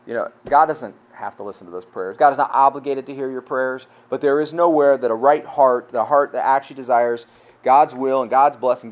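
This is a man preaching in a conversational style at a medium pitch, his loudness sinking from full to quiet. He often repeats words and asks rhetorical questions, and the recording sounds dull.

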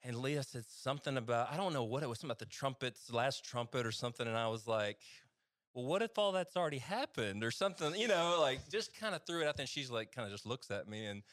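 A man's voice: mid-range voice, lively intonation, quick pace, few pauses, fairly bright tone, no room sound, clean studio sound. A man with an East Texas accent, a physician guest casually telling stories on a podcast, chatty and self-deprecating.

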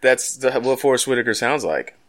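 A man's voice: medium pitch, animated, brisk. A young man co-hosting a podcast, joking and playful in casual chat. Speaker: podcast co-host.

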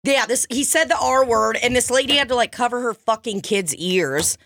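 A woman co-hosting a casual chat, telling stories in an animated, profane way. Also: fairly high pitch, moderate pace, no echo, clean studio sound. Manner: profane, animated storytelling with acted quotes.

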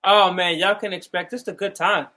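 A man guest talks in a high, bright, tense voice. He sounds upbeat and laughs easily while chatting casually. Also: fairly even intonation, normal speed. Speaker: guest musician. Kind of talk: casual chat.

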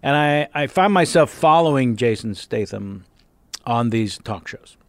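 A man's voice: mid-range voice, a little slow, no echo. A man, a comedian and impressionist, telling stories as a guest in a casual interview on a studio mic. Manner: storytelling, animated, laughs often. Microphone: studio mic with headphones.

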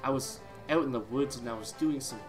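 A man's voice: mid-range voice, fairly quick, over music, natural voice. A man voicing a flamboyant young British man with a British accent, polite and rambling.

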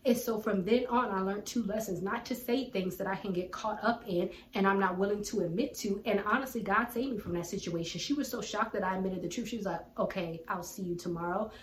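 A woman's voice: mid-range voice, fairly quick, few pauses. Earnest woman teaching scripture in an echoey room. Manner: conversational, earnest, colloquial. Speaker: Bible teacher. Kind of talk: casual Bible teaching with personal story. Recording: roomy echo, distant from mic, faint background hum.

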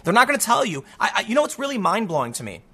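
A man's voice: sits high, big pitch swings, rapid-fire, sharp tone, slightly rough. A man hosting his own show, giving casual, opinionated commentary, thinking aloud with frequent restarts and weighing both sides.

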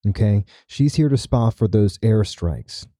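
Dark-voiced man recapping a story. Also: fairly low pitch, unhurried, no room sound, studio quality. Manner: animated retelling, many "right?" asides. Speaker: podcast host. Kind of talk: casual chat recapping a story.

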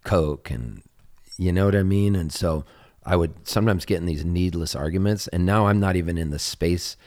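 A male singer-songwriter in casual conversation, telling stories, acting out other people's lines in a raised voice and dropping low and quiet on serious moments. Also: normal speed.

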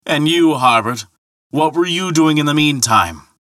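Man voicing a blustering thunder god, raised pitch, loud indignant boasting, bright tone, dry sound. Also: lively intonation, a little slow, no room sound. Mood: boastful. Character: boastful hot-tempered male thunder god.

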